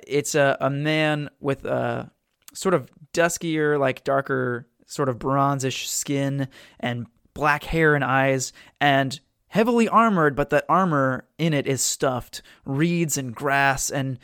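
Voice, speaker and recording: A man's voice: mid-range voice, fairly bright tone, smooth, no echo, clean studio sound. A man narrating a tabletop game as game master, loose and hesitant, with lots of fillers.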